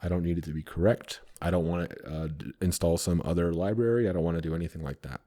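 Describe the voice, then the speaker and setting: A man's voice: low voice, fast, dark tone. A man co-hosting a podcast, talking casually and rambling about code, with some swearing. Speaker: podcast co-host, developer. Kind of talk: casual technical chat.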